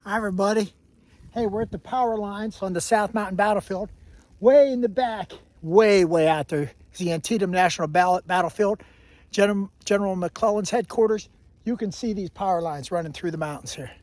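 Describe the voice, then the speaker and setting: A man's voice: high-pitched, brisk, darkish tone, no echo. A man hiking outdoors on a mountain trail, talking casually about history to a handheld camera, rambling and often correcting himself. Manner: rambling, self-correcting storyteller. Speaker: hiking vlogger. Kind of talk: casual walking history talk.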